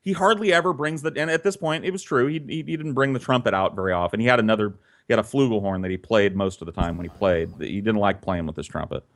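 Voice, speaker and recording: A man's voice: fairly low pitch, fast talker, hardly any pauses. A man telling a childhood story in a casual, conversational way, swearing freely and animating the tale.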